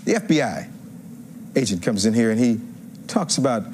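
A man's voice: medium pitch, lively intonation, normal speed, darkish tone, slight background noise. A defense attorney in his fifties giving a courtroom closing argument to a jury, emphatic and rhetorical, building phrases through repetition. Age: 50s.

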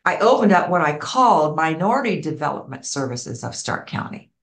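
Older woman, interview guest, animated storytelling, acts out quoted voices, lowish voice. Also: fairly quick. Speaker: community program founder, guest.

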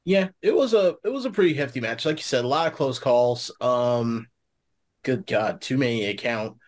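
A man's voice: medium pitch, animated, moderate pace. A man on a podcast panel giving an easygoing, conversational review. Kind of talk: casual podcast review chat.

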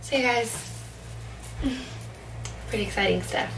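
A woman's voice: on the high side, measured pace, gravelly, distant mic, over loud music. A young woman co-hosting a vlog, chatting playfully and teasing her friends in a bedroom. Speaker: vlog co-host. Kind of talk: casual chat. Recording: echoey, noisy home video.

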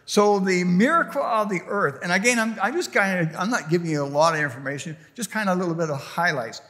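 A man preaching in a church hall, his bright, forceful voice trailing a long reverb. He tells things in a folksy, rambling way, full of fillers and restarts. He is an older man and speaks a little higher than most men. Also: fairly quick, hardly any pauses. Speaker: pastor. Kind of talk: sermon. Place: church sanctuary.

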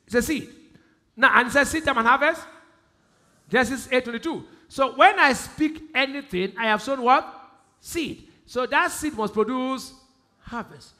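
A male pastor with a Nigerian accent preaching a sermon, asking the congregation questions and repeating key phrases, swinging between loud emphasis and quiet speech. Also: extremely high pitch, moderate pace. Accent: Nigerian English.

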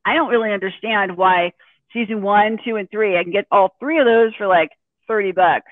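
A man co-hosting a podcast in casual chat, enthusiastic and quick to exclaim. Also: high-pitched, dry recording. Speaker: podcast co-host. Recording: dry, phone-like line.

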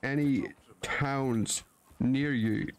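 A man's voice: mid-range voice, very slow, slight background noise. A man streaming a western roleplay, talking in a folksy drawl, swearing and joking as his character. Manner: drawling folksy cowboy talk, swearing, laughing at himself.

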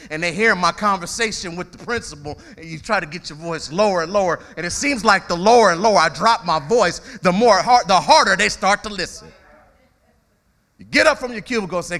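Male pastor, bright and animated, high-ish voice, chatty preaching style with congregation call-outs. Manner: repeats words when starting phrases. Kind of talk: sermon.

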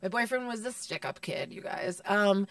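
A woman comedian telling profane, animated stories in a casual podcast chat, slipping into put-on voices. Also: medium pitch, normal speed, no echo, studio quality, recorded from a distance. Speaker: guest comedian.

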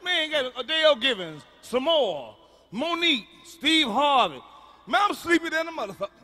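A man doing a profane stand-up comedy routine on stage, ranting and shouting his punchlines into a handheld mic. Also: very high-pitched, sing-song, normal speed. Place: large concert venue.

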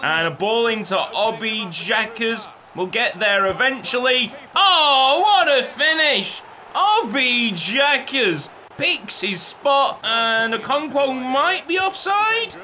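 A young man commentating his football video game, cheering and shouting at each goal. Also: very high voice, lively intonation, slow pace. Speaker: gaming YouTuber.

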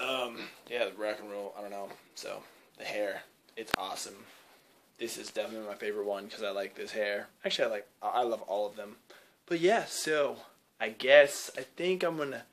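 A young man casually rambling in a behind-the-scenes vlog, excited and full of fillers, on an indoor home video set. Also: fairly low pitch, a little hiss or hum. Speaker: YouTube creator.

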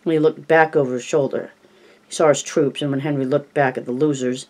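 A man reads a novel aloud, telling the scene in an even, measured way. His voice sits at a middle pitch for a man. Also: poor audio. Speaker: audiobook narrator. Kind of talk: novel narration.

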